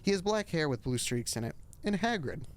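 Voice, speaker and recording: A man streaming, reading a story aloud with wry, deadpan asides for comedy. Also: fairly high pitch, fairly quick.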